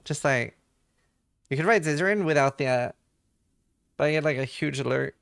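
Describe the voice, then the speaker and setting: A man's voice: a little high, moderate pace, creaky, a bit bright, clean tone. A game streamer with a light Norwegian accent rambles easily to his chat, with plenty of "like" and "uh" in his talk. He is a man from Norway, and he slips into playful accent imitations now and then. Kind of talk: casual chat with chat readers while gaming.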